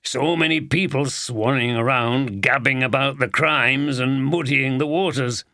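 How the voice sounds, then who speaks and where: A man voicing a gruff, blunt older police chief with a Yorkshire accent, in an audiobook. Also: mid-range voice, measured pace, bright, forceful tone, no echo, studio quality. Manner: blunt, swears casually.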